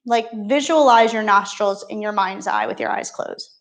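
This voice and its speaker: A woman's voice: mid-range voice, moderate pace. A woman yoga instructor talking a beginner class through poses and breathing, with encouraging, playful step-by-step cues.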